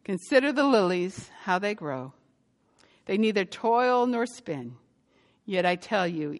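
A woman pastor giving a sermon and telling a story, growing lively as she recounts it. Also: on the low side, big-room sound. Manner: storytelling, lively when quoting.

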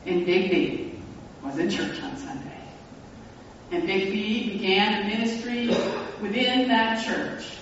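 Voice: medium pitch, a little hiss or hum. Pastor preaching in an echoey hall. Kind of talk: storytelling sermon. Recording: echoey hall, distant mic, dull sound.

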